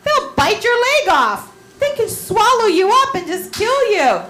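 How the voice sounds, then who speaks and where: A woman tells a story to a group of children, slow and unhurried, her high voice swooping up and down. She keeps asking the kids questions as she goes. The room echoes, with faint music behind her. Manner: animated, asks the children questions. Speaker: children's Bible teacher.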